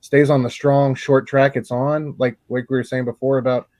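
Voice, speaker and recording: Man, comic book panelist, casual chat, rambling, many restarts, middle pitch. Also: little pitch movement, normal speed, a little mellow, no echo. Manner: rambling, full of restarts, "dude" and "like".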